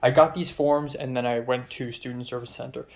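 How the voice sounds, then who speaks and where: A young man talks to the camera about his day in a loose diary-style vlog. He rambles in an off-hand way, full of ums and stray asides. His voice sits at an ordinary middle pitch. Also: fairly even intonation, fairly quick, gravelly. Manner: rambling, filler-heavy, off-hand. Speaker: vlogger. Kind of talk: casual diary-style chat.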